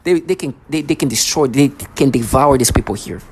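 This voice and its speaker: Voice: mid-range voice, fairly quick, breathy edge. A vlogger ranting to camera in an agitated, accusatory way, full of sarcasm and stammered restarts.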